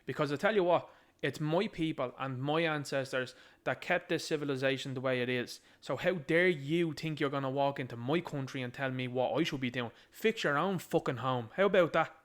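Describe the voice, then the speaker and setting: A man's voice: medium pitch, brisk, few pauses. An Irish man giving ranting political commentary, emphatic and combative, hammering his points with repetition. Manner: emphatic, combative, repeats key phrases.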